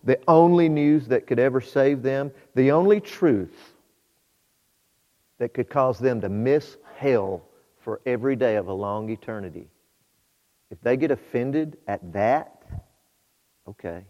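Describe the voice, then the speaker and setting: A man preaching a sermon, shifting between quiet storytelling and loud, fervent exhortation to his congregation. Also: medium pitch, a little slow, pauses often. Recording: muffled hall with long reverb.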